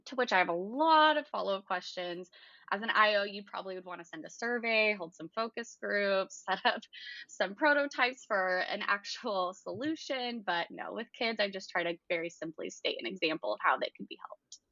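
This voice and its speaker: A woman's voice: medium pitch, expressive, normal speed, sharp tone, no room sound, muffled recording. A woman guest on a podcast, speaking articulately and upbeat, laughing often as she explains her work. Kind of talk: casual interview conversation.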